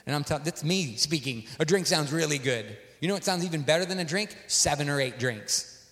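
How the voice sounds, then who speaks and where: Man preaching, kinda high voice, tells stories acting out people, echoey hall. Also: brisk. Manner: storytelling, animated, acts out dialogue. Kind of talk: sermon. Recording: long hall reverb.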